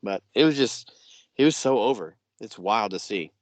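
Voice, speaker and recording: A man's voice: fairly low pitch, expressive, normal speed, dry recording. A man co-hosting a casual podcast, eagerly recounting a wrestling match blow by blow, with plenty of "you know" and "yeah.". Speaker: podcast co-host.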